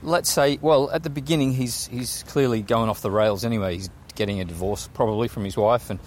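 A man's voice: medium pitch, a little fast. A man chatting casually and laid-back about a film while walking outdoors, swearing now and then. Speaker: film discussion co-host. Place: city street outdoors. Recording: street noise from passing traffic. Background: traffic noise.

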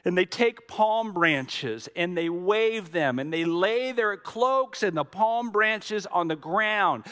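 A middle-aged man, a pastor preaching a sermon with dramatic storytelling, swinging from loud to hushed. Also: high-pitched, lively intonation, takes it slowly, few pauses.

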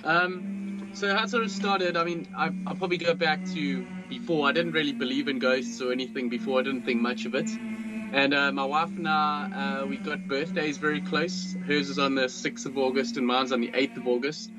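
A man from South Africa with a South African accent, telling a ghost story as a guest in a relaxed, conversational way. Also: mid-range voice, normal speed, loud music behind the voice, rough recording.

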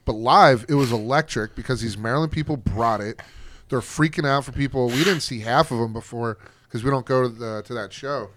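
A man co-hosting a podcast, excitedly recapping a wrestling show in casual, profane chat and acting out what people said. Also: medium pitch, fairly quick, slight background noise. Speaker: podcast co-host.

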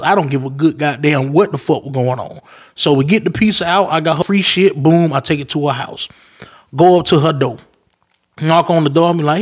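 Profane storytelling podcast host. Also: male voice, a little high. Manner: profane, animated storytelling with acted-out quotes. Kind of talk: casual storytelling monologue.

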